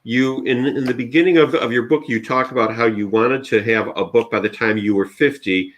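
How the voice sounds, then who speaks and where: A man's voice: medium pitch, brisk. A man hosting a live leadership interview, asking questions with many restarts and encouraging comments. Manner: hesitant, restarts and fillers, encouraging. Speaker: host. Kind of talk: interview host chat.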